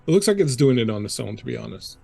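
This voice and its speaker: A man's voice: medium pitch, sing-song, fast, gravelly, dark tone, breathy edge, soft background music. A man narrating a tabletop role-playing game as game master, loose and rambling with fillers.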